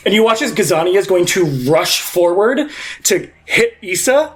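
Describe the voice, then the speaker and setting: A man's voice: high voice, animated, normal speed, a bit bright. A man narrating a tabletop game as game master, rambling with many fillers.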